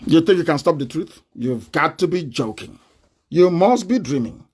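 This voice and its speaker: A man with a Nigerian accent giving a combative live online broadcast, laughing often and breaking into shouts. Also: high-pitched, big pitch swings, normal speed.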